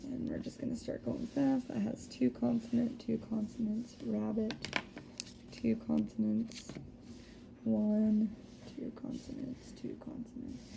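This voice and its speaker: A woman teacher giving a recorded spelling lesson, patiently explaining step by step and sounding out words slowly. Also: fairly high pitch, flat delivery, creaky, background noise. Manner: slow deliberate word-by-word sounding out.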